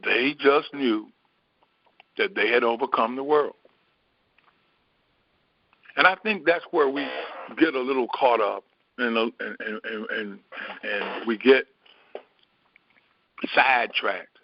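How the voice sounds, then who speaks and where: A middle-aged man giving a reflective metaphysical Bible teaching, unhurried and repetitive, musing aloud. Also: medium pitch, steady tone, no room sound. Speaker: spiritual teacher. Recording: dull, dry lo-fi recording.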